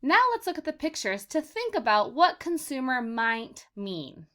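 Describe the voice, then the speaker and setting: A woman teacher leading a vocabulary lesson for young children, sounding out words slowly for them to repeat and calling them "my friends.". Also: high-pitched, sing-song, sharp tone. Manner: slow, exaggerated word modeling for repetition; encouraging, addresses children as "my friends".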